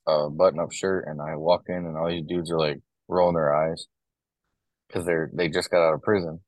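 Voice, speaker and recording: A man's voice: rumbling low, normal speed, no room sound, poor audio. A young man, a corrections officer, telling stories in casual conversation, loose and full of fillers. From Ohio, US. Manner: relaxed storytelling, many fillers. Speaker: podcast guest, corrections officer.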